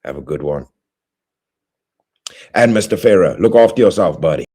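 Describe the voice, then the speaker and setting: A man hosting a livestream, closing with rambling, friendly shout-outs to viewers in playful slang. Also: low voice, lively intonation, moderate pace, slightly rough. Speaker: livestream host. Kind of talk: casual stream sign-off.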